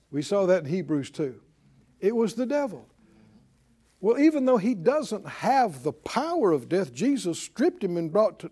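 High, animated male preacher. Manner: preaches with rhetorical questions to the congregation. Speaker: pastor. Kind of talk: sermon.

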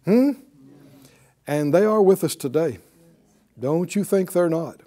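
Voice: mid-range voice, animated, takes it slowly, long pauses, dark tone. A Bible teacher giving a broadcast lesson in a conversational way, often asking the audience rhetorical questions and chuckling while telling the story.

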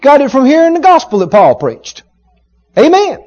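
A man preaching a sermon, retelling a story with emphatic, dramatic rising shouts. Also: very high voice, huge pitch swings, normal speed. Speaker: pastor. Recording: dull lo-fi sermon recording.

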